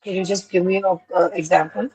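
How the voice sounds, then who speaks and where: A female student answers her teacher politely, calling him sir and pausing to search for words. Her voice sits fairly low and slightly husky. She speaks slowly, close and dry. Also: steady tone, a little mellow, dry recording, low-quality recording. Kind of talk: classroom answer.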